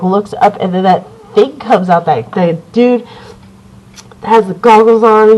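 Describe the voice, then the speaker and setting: A woman giving a casual video review of a horror film, rambling and excited, swearing often and full of fillers. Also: mid-range voice, lo-fi sound. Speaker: movie reviewer.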